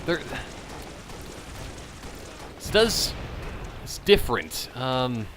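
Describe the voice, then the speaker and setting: A man's voice: mid-range voice, big pitch swings, very slow, noisy background. A tipsy man hosting a gaming channel, giving rambling, jokey commentary over his play. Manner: rambling, jokey, self-amused. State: tipsy from drinking. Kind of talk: casual gameplay commentary.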